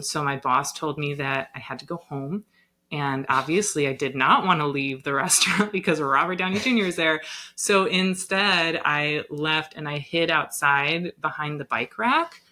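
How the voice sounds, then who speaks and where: A young woman, a yoga teacher, telling a personal story in a casual podcast chat, animated and full of "like" and "um". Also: deep voice, a little slow. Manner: animated, lots of "like" and "um".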